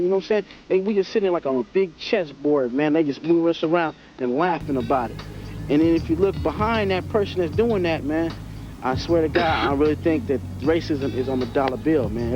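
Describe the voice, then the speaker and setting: Man in a doc, blunt street talk, kinda high voice, dull lo-fi sound with music under. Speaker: interviewee. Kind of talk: documentary interview.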